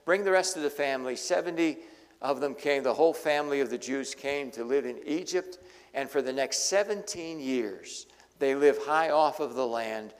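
A man preaching a sermon, retelling a story with lively acted-out voices. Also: medium pitch. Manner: animated storytelling, acting out voices. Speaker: pastor. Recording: long hall reverb.

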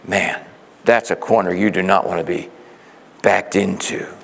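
A man preaching a sermon, telling a story in a lively way and acting out the quoted voices. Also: deep voice, unhurried, creaky, long reverb tail. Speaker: pastor.

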